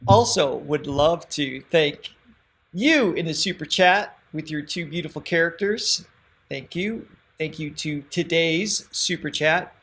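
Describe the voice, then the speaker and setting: A man's voice: fairly high pitch, a little slow, fairly bright tone. A man co-hosting a song reaction livestream, chatting casually, laughing often and thanking viewers by name.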